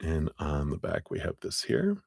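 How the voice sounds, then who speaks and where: Low gravelly guy doing live tarot readings, chatty and apologetic, dry close mic. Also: wildly swooping pitch, moderate pace, dry recording. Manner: apologetic, chatty, laughs often. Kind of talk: casual live-stream chat.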